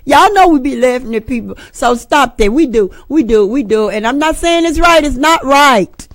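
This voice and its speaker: Lady preaching, high voice, jokey and folksy, dry close sound. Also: animated, normal speed, dry recording. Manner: chatty, joking, folksy asides to the congregation. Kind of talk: informal sermon.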